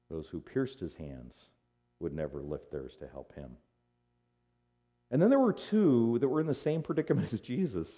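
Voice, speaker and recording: Male pastor, lively conversational sermon delivery, mellow tone. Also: lowish voice. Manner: animated, conversational preaching.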